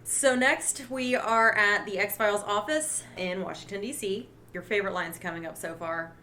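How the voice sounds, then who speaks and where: Brief: woman co-host, playful, teasing, quick to laugh, casual recap chat, faint noise behind. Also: mid-range voice, sharp tone. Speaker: podcast co-host.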